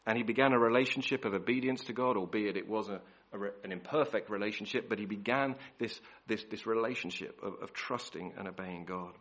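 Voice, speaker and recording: A man's voice: fairly low pitch, a little fast, a bit bright, highs cut off. A man preaching a sermon, emphatic and repeating key words, often restarting his phrases. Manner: self-correcting restarts.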